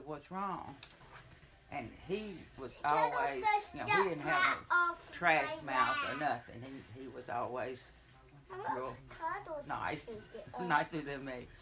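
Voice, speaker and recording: A woman's voice: extremely low pitch, background noise. An older woman, telling a family story casually and breaking into laughter.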